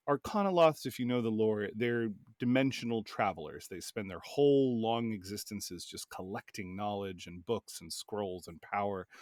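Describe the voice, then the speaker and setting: Low-voiced man telling game stories. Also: no echo, clean studio sound. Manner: relaxed, rambling storytelling. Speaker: game master. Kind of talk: casual podcast chat.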